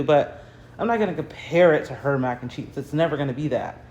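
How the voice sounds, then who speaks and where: A woman's voice: a bass voice, brisk, a little mellow, slight background noise. An American woman in a casual, rambling livestream chat from her home garage. She laughs often and uses lots of fillers as she paints. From United States. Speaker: artist hosting a livestream. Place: home garage, early morning. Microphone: phone livestream.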